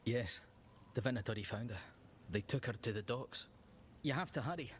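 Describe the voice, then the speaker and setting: An actor playing a hurried informant. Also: male voice, medium pitch, a little hiss or hum, natural voice. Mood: urgent.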